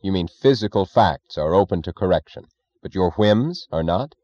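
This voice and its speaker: A man voicing a calm, defiant captive thinker in an audiobook, measured and precise. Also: deep voice, dull audio. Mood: coolly mocking. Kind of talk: audiobook character voice.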